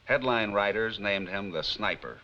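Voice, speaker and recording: A man playing a lawman who narrates a 1950s TV crime drama in a grave, measured way, slowing down for emphasis. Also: fairly low pitch, bright, forceful tone. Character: stern middle-aged male lawman narrator. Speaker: show's narrator presenting as a sheriff's official. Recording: dull lo-fi 1950s TV soundtrack.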